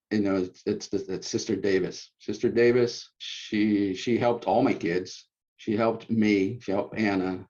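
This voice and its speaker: A man, a former bishop, telling stories at a church gathering in a casual, animated way, acting out quoted lines loudly. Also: fairly low pitch. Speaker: former bishop sharing ward memories. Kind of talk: informal reminiscing talk. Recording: muffled lo-fi recording.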